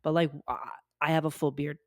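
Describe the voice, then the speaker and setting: A man with a deep voice hosting a podcast in casual chat, talking fast and loose with lots of "like" fillers and swearing freely. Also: flat delivery, no echo. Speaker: podcast host.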